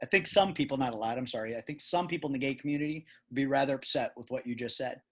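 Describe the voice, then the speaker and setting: A man's voice: mid-range voice, very fast, a bit bright. A man hosting a casual podcast chat, rambling and emphatic with many restarts. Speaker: podcast host. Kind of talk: casual conversation.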